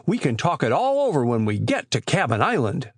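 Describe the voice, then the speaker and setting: A man's voice: mid-range voice, huge pitch swings, brisk, husky, no room sound, clean studio sound, full character voice. A man voicing an impatient teenage boy calling out. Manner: shouting, impatient.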